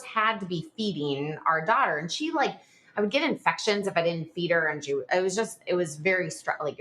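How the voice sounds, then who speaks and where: A woman in her forties, a podcast guest telling a personal story in a rushed, animated way, full of "like" fillers. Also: fairly low pitch. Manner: animated, talks in a rush with frequent "like" fillers.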